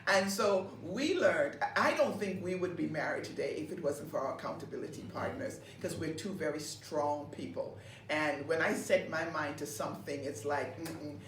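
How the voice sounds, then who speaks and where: Woman pastor, broadcast co-host, lively storyteller; roomy sound with faint noise. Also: deep voice, moderate pace. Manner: lively storytelling, laughs often, repeats words. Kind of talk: conversational ministry broadcast. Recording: roomy, distant mic with faint background noise.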